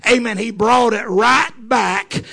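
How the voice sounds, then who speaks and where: A man preaching a sermon as a story, peppering it with amen and repeating lines as he builds to fervent shouts. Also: extremely high pitch, slow. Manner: punctuates phrases with amen.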